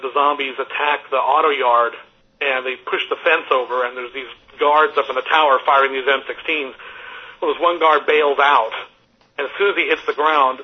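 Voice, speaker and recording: A man telling a casual anecdote as a guest, animated and self-mocking, with frequent restarts. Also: mid-range voice. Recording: dull lo-fi audio.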